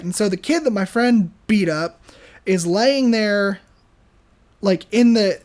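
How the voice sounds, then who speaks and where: A young adult man co-hosting a podcast, telling a story in an animated, casual way full of fillers and restarts. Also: sits high, unhurried, pauses often. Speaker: podcast co-host.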